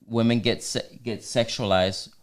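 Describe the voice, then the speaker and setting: On a faith-based podcast about marriage, this co-host talks in an earnest, casual way, often restarting sentences and tossing in teasing remarks. He has a medium-pitched, steady voice and an unhurried delivery.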